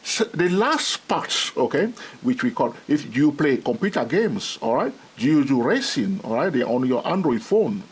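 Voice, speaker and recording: Animated husky man teaching trading. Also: medium pitch, normal speed. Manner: repeats "all right?" and "okay?" constantly, laughs often; animated, gets excited about his subject. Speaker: trading educator. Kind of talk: excitable teaching monologue.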